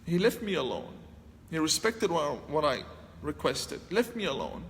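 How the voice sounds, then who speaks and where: A man with a fairly high voice tells a personal story in an animated way, throwing his voice up when he acts out what he once said. The sound carries a long hall reverb with faint ambient noise behind him. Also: normal speed. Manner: animated, acts out his own past lines with raised voice. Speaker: speaker telling a personal story. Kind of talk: storytelling talk.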